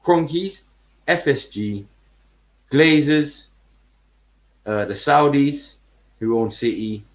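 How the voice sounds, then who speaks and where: A man's voice: mid-range voice, slow, pauses often. Heated man ranting with slang. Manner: heated, swearing, heavy street slang. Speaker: football podcast host. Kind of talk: casual ranting podcast chat.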